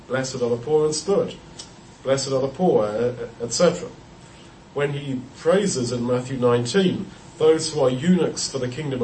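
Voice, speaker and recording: Male Bible teacher, mid-pitched, thoughtful, repeats himself as he explains; echoey room with faint ambience. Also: darkish tone, slight background noise. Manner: thoughtful, explanatory, with frequent restarts and repeated words. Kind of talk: unscripted Bible study talk. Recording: roomy echo, heard from a distance.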